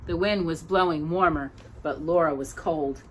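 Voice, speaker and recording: A woman hosting a storytime, reading a children's novel aloud in a gentle, expressive way. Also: deep voice, a little hiss or hum. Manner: gentle and expressive, pausing for coughs. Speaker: storytime host.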